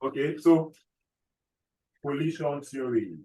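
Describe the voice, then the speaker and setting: A man's voice: on the high side, animated, mellow. Echoey male chemistry teacher. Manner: repeats key phrases slowly, checks understanding often. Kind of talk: classroom lecture with dictation. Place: classroom.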